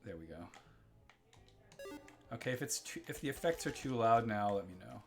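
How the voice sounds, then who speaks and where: A man from Germany hosts a live gameplay stream in casual chat. He rambles, reads out the chat and laughs easily, with a middling pitch. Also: lively intonation, normal speed, over music.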